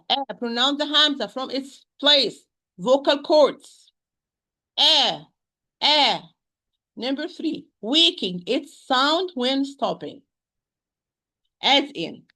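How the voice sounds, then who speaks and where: A woman with a slightly high voice teaches a recitation lesson. She speaks haltingly, repeating words as she searches for them. She pronounces examples aloud and drives rules home by saying them twice. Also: fairly bright tone. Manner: stresses rules with emphatic repetition.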